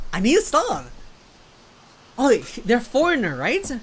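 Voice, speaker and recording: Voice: high-pitched, very animated, very slow, pauses often. A game streamer chatting casually between reading dialogue, with giggly, self-mocking asides.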